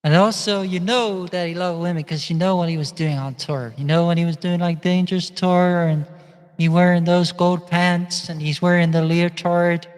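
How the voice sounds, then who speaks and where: A man's voice: sits high, steady tone, moderate pace, a little mellow, clear, resonant tone. A man vlogging in a chatty, meandering way, often laughing as he talks. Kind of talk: casual rambling monologue. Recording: long echoing reverb.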